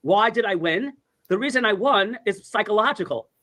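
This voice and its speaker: This man in his sixties chats casually, telling meandering, foul-mouthed stories stuffed with "like" and "I go." He speaks at a moderate pace in a high-pitched, animated voice with a sharp tone.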